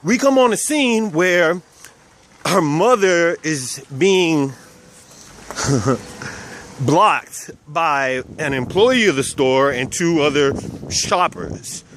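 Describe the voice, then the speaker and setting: A man from South Texas tells personal stories in a relaxed vlog, speaking of himself as "we." His voice sits high for a man, and he chuckles now and then as he talks. Faint street traffic hums behind him. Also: very slow, pauses often. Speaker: vlogger. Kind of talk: casual personal storytelling.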